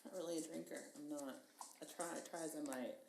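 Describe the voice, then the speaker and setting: A woman's voice: deep voice, steady tone, brisk, gravelly, darkish tone. A woman guest in casual chat, enthusiastic and chatty, thinking aloud with fillers. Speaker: podcast guest. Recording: echoey room with faint hiss.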